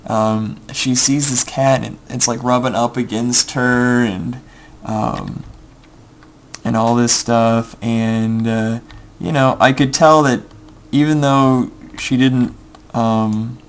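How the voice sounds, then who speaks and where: A man's voice: medium pitch, flat delivery, slow pace, slight background noise. A young man telling a rambling story full of ums while playing a game and muttering his next moves. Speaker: gameplay video creator. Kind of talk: casual storytelling over gameplay.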